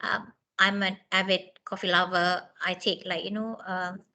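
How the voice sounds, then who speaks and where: A woman's voice: lowish voice, level tone, normal speed, pushed and bright, poor audio. A woman trainer giving a chatty training lecture, with many fillers and restarts, laughing often.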